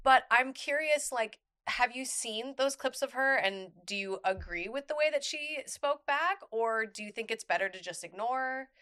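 A woman's voice: on the high side, lively intonation, moderate pace, hardly any pauses, sharp tone, clean tone. A woman hosting a casual interview, eager and encouraging as she asks questions. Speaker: host.

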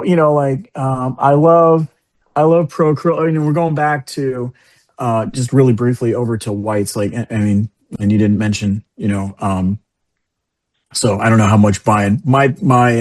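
A man's voice: medium pitch, moderate pace, a little mellow. Rambling New York man. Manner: meandering, self-correcting, enthusiastic. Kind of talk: casual chat.

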